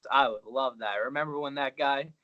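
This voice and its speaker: A man's voice: mid-range voice, brisk, no room sound. A man who wrestles professionally, talking casually and boastfully in an interview over a video call. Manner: boastful, cocky heel bravado. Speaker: pro wrestler guest. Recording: slightly dull video call audio.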